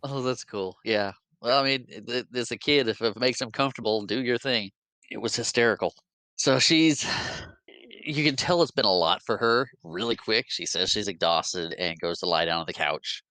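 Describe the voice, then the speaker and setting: A man's voice: lowish voice, normal speed, pushed and bright, no room sound. A man hosting a podcast, casually retelling a movie's scenes and often laughing as he acts out the characters' lines. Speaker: podcast host.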